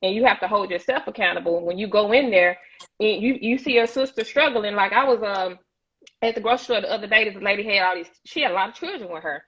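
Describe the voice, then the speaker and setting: A woman's voice: mid-range voice, fast, fairly bright tone, slightly rough, highs cut off. A woman on a talk show panel, speaking emphatically and preachily and repeating words as she builds each point. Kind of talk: impassioned discussion.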